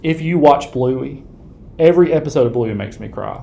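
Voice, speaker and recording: A man in his thirties, a podcast co-host, chatting casually and warmly, often restarting his sentences, openly emotional. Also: medium pitch, lively intonation, moderate pace, gravelly. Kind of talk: casual chat. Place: recording studio.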